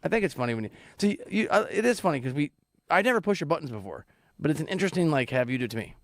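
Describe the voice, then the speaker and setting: A man's voice: fairly high pitch, racing, no room sound, studio quality. A man co-hosting a sports radio show, teasing and joking in playful banter. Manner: animated, teasing, laughs a lot.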